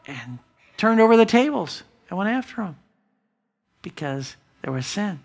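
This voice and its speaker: A man preaching a sermon as pastor in a church, emphatic, with big swings from loud declarations to hushed asides. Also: high-pitched, big pitch swings, measured pace, slightly rough. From United States. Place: church sanctuary.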